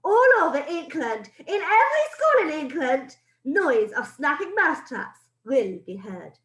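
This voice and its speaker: A woman voicing a cruel old female witch leader in a put-on foreign accent, shouting and chanting in a sing-song way. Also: sits high, sing-song, measured pace, echoey room, pitched above the performer's own voice, exaggerated voice, low-quality recording. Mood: gloating.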